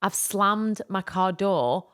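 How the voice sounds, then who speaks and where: A woman co-hosting a podcast, telling a personal story in an animated, rambling way with lots of fillers. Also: mid-range voice, slow pace, clean tone. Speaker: podcast co-host. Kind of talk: casual storytelling chat.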